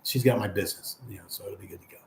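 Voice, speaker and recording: A man's voice: lowish voice, very fast, creaky, roomy sound. A man hosting a casual livestream, reading viewer comments aloud in a friendly, rambling way. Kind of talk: casual live chat.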